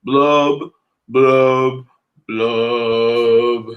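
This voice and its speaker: A man voicing a gloomy, pouting male fish while reading a picture book aloud, in a droning, mopey sing-song with loud blubs. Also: medium pitch, expressive, unhurried, lo-fi sound, natural voice. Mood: glum.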